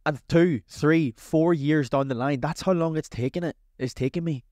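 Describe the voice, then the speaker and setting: A man hosting a casual advice podcast as a coach, talking in an energetic, chatty, motivational way. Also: a little high, moderate pace, no echo, studio quality.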